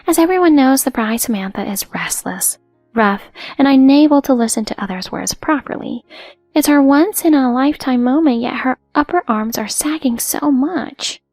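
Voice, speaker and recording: A woman's voice: high-pitched, animated, normal speed, dry recording, voice pushed up. A woman playing a haughty mother-in-law. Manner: proud and sharp-tongued. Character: haughty, snobbish middle-aged mother-in-law. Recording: dry with soft music behind.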